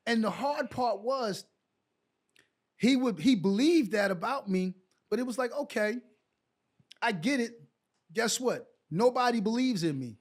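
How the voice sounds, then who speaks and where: A man's voice: high voice, moderate pace. A middle-aged man telling stories in a casual interview, acting out the exchanges he recalls. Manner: animated storyteller who acts out quoted exchanges. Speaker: guest, former pro basketball player.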